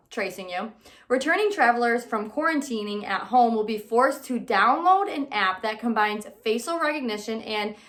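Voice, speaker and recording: Sarcastic animated woman host. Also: on the high side. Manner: sarcastic, animated, swears casually. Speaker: podcast host. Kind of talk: casual commentary.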